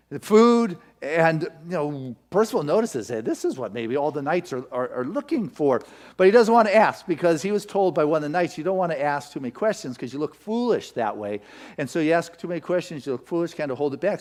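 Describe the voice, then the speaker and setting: A male minister preaching a sermon, retelling a legend as a story and firing off rapid rhetorical questions. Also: a little high.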